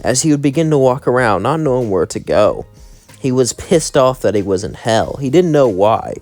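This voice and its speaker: A young man rambles through a fan story with casual asides. His pitch rises and falls a lot, and faint music plays behind him. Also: expressive, normal speed, a little mellow, no room sound.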